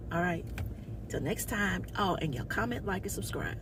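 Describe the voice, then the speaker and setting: A woman comedian telling a story to her viewers in a sassy, loud, casual way. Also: medium pitch, a little slow, noisy background. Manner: sassy, loud, calls viewers baby and honey.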